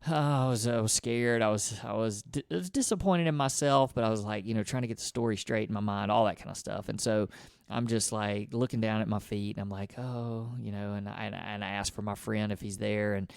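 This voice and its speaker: Smooth-voiced man telling a story. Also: lowish voice, a little fast, no echo, studio quality. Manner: lively storyteller, acts out his own thoughts. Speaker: podcast co-host. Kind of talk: storytelling in casual conversation.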